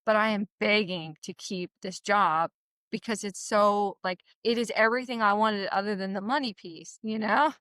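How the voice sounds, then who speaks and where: Bright-voiced woman telling a lively story. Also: medium pitch, normal speed, clean tone, no room sound, clean studio sound. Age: 40s. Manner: animated, laughs often, many "like" fillers. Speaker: podcast guest. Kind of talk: casual storytelling chat.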